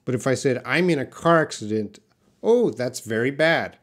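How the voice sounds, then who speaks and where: Answering viewers' questions during a live-stream English lesson, this medium-pitched man sounds animated, explaining slowly and patiently through example sentences.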